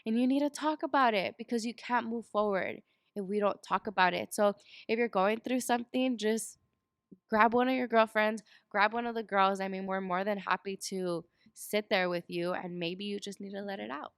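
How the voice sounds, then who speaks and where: A woman in her twenties chatting as a podcast guest, animated, often laughing and acting out what people said. Her voice is smooth and resonant, recorded close and dry. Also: medium pitch, normal speed, no echo. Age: 20s. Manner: animated storyteller, acts out quoted dialogue, laughs often. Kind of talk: casual chat.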